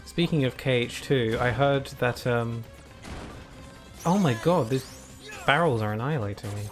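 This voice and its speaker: A young man talks through his game session in a loose, rambling way, circling back and restarting his thoughts as he goes. His voice sits at an ordinary middle pitch. Faint game music plays softly behind him. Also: normal speed. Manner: rambling, restarts sentences, chuckles often. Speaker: streamer. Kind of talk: casual gameplay commentary.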